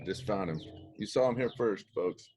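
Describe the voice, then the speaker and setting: A man's voice: lowish voice, normal speed, a little mellow, slight background noise. A man teaching an eighth grade Latin class in a recorded video lesson, playful and jokey as he translates a story.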